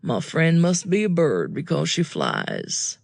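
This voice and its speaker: A woman reading an audiobook, voicing a serious young man who teases and quotes poetry in a slow, low, deliberate way. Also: huge pitch swings, creaky, no room sound, studio quality, full character voice. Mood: earnest.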